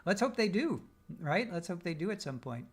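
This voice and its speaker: A man's voice: high voice, very animated, normal speed, husky. A man hosting a live stream, casually reading out viewer comments with teasing jokes and frequent laughs. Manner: joking, teasing, laughs often. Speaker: livestream host.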